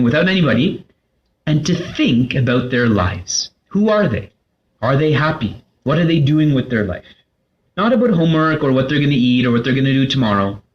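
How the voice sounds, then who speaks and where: Man giving a playful spiritual talk. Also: mid-range voice. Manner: asks questions and answers them himself, lively and playful. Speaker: spiritual teacher. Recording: slightly dull lo-fi recording.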